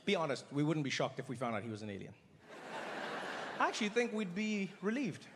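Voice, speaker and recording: A man's voice: fairly high pitch, very animated, a little fast, big-room sound, noisy background. A male stand-up comedian talking conversationally and acting out scenes on stage before a live audience.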